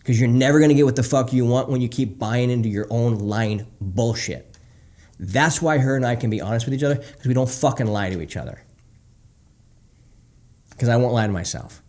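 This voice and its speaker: Intense podcast talk from a man who coaches couples, swearing freely as he drives each point home. His voice sits at a middle pitch for a man, and he rants with blunt conviction. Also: brisk, darkish tone. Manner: blunt, heavily profane, fired-up ranting. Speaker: podcast host and marriage coach. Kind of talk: candid podcast chat.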